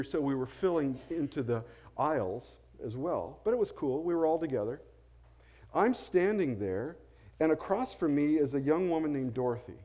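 A middle-aged man, a pastor, telling stories in a sermon in a conversational way, going soft and low when he quotes people. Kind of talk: storytelling sermon.

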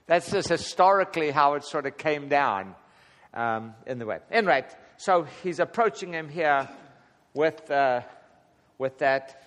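A man's voice: on the high side, a bit bright. A man teaching a casual Bible study to a small group, chuckling often and acting out the prayers he quotes. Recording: long hall reverb.

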